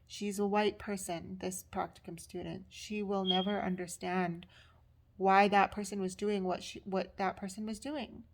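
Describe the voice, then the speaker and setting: A young woman telling a story straight to the camera. She sounds candid and hurt as she recounts a tense meeting, slipping into the voices of the people involved. Her pitch is a typical middle range for a woman. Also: little pitch movement, normal speed. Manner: candid, upset, quotes others. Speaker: social work student. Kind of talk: personal storytelling vlog.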